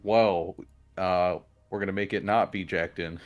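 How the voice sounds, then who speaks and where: A man's voice: low voice, steady tone, a little slow, highs cut off. A man playing a tabletop game, asking casual questions in a hesitant way. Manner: hesitant, with fillers. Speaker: player.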